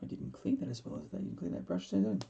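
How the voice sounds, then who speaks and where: A man in his forties hosting a live painting stream, chatting casually and rambling with chuckles, often trailing off into quiet mumbles. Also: mid-range voice, lively intonation, quick pace, gravelly, lo-fi sound. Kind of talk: casual chat while painting.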